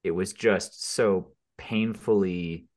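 A man's voice: low voice, fairly even intonation, takes it slowly, a little mellow. A man co-hosting a podcast, trading wry, sarcastic banter in casual chat. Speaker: podcast co-host.

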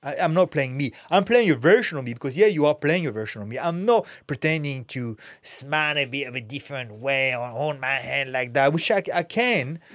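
This middle-aged Frenchman, an actor and fighter, speaks with a French accent as a guest on a podcast, telling stories in an animated, blunt, candid way and swearing freely. His voice is medium-pitched and fairly quick with few pauses, and the recording is dry.

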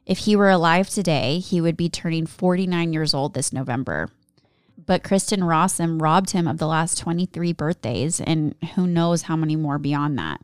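Low-voiced woman narrating true crime. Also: normal speed, clean tone, dry recording, studio quality. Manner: giggly, chatty banter between story segments. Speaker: podcast co-host narrating a true-crime story. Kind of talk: casual true-crime storytelling.

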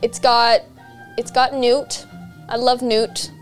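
A woman with a somewhat high voice chats and rambles in a relaxed way, often circling back and restarting her sentences. Faint music plays softly behind her. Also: slow pace. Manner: chatty, rambling with restarts and laughs. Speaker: co-host. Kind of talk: casual chat.

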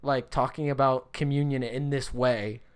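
A woman's voice: a bass voice, fairly even intonation, normal speed, smooth. A woman co-hosting a casual comedic chat, sarcastic and fond of acting out quoted voices.

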